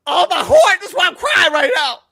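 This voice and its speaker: A sobbing, overjoyed football player, as a man puts him on for laughs, wailing in a voice pushed far above his usual pitch. He cries out loud and bright, his voice breaking and swooping. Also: sing-song, moderate pace, vocal fry, heavily acted. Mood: wailing joy. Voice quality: wailing, high-pitched crying voice. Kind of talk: comic impression.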